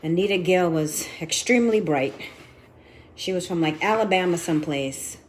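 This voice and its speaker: A woman's voice: fairly low pitch, moderate pace, darkish tone, slight background noise. A woman in her fifties giving a frank, profane confessional vlog. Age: 50s. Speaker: vlogger.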